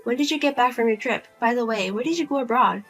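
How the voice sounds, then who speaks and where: A woman playing a fed-up grown daughter who speaks flatly and firmly to her pushy mother in a narrated drama. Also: a little high, fast talker, faint music behind. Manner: flat, firm, cold and blunt. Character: Lizzie, grown daughter, cool, blunt, fed up.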